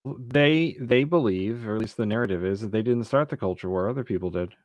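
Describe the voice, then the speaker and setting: A man's voice: on the low side, a little fast. A male co-host in a political talk show explains his view and repeats phrases for emphasis. The sound is dry and close, with no room echo. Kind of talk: political chat.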